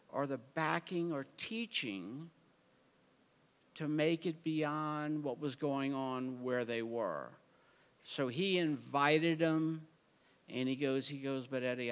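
A man's voice: on the high side, a bit bright. A man giving a folksy award speech, telling a story and talking to the crowd. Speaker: award presenter. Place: large hall at an award show. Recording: reverberant hall.

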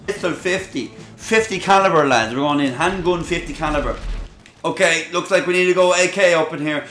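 A young Irish man giving excitable, casual commentary while streaming a game, with sudden loud shouts and laughs and casual swearing. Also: a little high, fairly quick, gravelly, reverberant, faint music behind.

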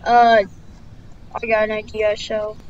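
A woman's voice: medium pitch, completely flat delivery, takes it slowly, lo-fi sound. Rambling woman narrating a game story. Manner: rambling, distracted, many fillers. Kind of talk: improvised story narration over gameplay. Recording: loud background noise.

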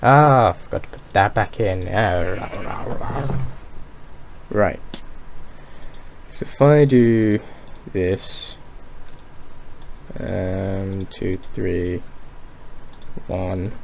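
A man's voice: sits low, fairly even intonation, drawn-out words, creaky, long pauses, a little hiss or hum. A man casually talking through his game as he plays, rambling and poking fun at himself, with a dry throat. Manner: rambling, self-mocking, thinks aloud. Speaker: gaming YouTuber. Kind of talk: Minecraft let's play commentary.

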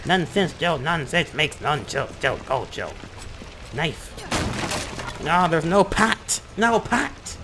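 A man's voice: fairly high pitch, big pitch swings, slow pace, long pauses, background noise. A man giving let's-play commentary, exclaiming, swearing and mocking what happens on screen. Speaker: gaming commentator.

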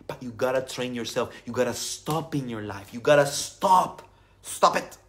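A man's voice: a little high, fairly bright tone. A man speaking as a spiritual teacher in an emphatic, playful motivational talk, repeating phrases for emphasis.

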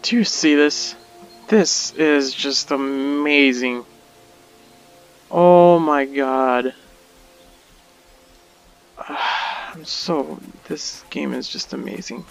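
Panicky high-voiced man gaming. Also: extremely slow, vocal fry, long pauses, soft background music. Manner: panicky, exclamatory, talking to himself. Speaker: gamer. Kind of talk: let's play commentary.

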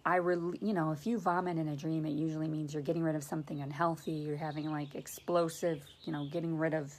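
A woman's voice: sits low, little pitch movement, fast talker, darkish tone. A woman hosting a faith video, casually teaching about dreams and reading scripture aloud in an earnest, conversational way.

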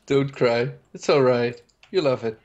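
Slow-talking joking male streamer. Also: medium pitch, a little mellow, lo-fi sound. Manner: joking, laughs often, sings silly bits. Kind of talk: casual chat while gaming.

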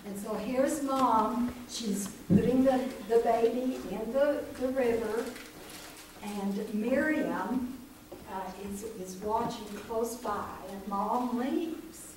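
Woman, slightly high voice, slow gentle children's storyteller, echoey church from afar with noise. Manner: gentle, hesitant with many fillers. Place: church sanctuary. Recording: echoey church recorded from far off, noisy.

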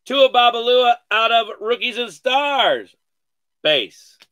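A man hosting a live sports card break, calling out each card with excited slang and cursing. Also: very high voice, smooth, no room sound. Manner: excited, calls out cards rapidly with slang and cursing.

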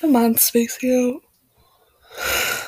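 A tired woman, an ASMR creator, rambling softly and half-whispering as she signs off to viewers. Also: fairly high pitch, flat delivery, takes it slowly, breathy edge, no room sound. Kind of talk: casual outro to viewers.

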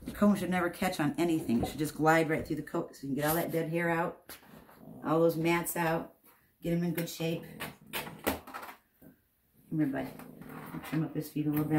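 A woman with a low, creaky voice gives a hands-on dog grooming tutorial indoors, chatting reassuringly to the dog as she explains. The grooming room echoes, with faint noise in the background.

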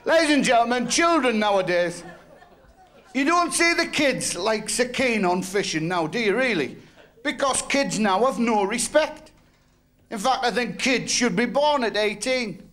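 On stage, a stand-up comedian from North West England, with a Northern English accent, fires off crude jokes bluntly and quickly. His voice is very high-pitched, animated, and a bit bright.

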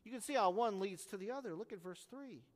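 High-voiced man preaching in a reverberant church. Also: fast. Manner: earnest, explanatory teaching with strong emphasis. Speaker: pastor. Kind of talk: expository sermon.

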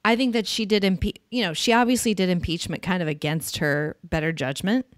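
A woman's voice: fairly low pitch, steady tone, fairly quick, dry recording, clean studio sound. Blunt, opinionated woman podcast host. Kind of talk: casual political chat.

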